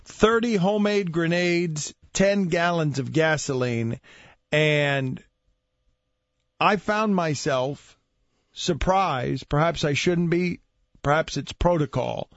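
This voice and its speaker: A man hosting a sports talk radio show, speaking in a measured, deliberate way and musing aloud. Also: a little high, no room sound, lo-fi sound.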